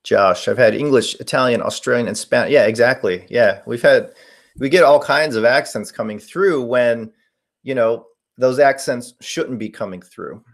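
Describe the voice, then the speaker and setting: A man's voice: medium pitch, moderate pace. A man in his forties hosting a casual live stream, answering viewer questions in a rambling way with many fillers. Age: 40s. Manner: rambling, reading chat questions aloud with fillers. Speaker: paranormal live-stream host.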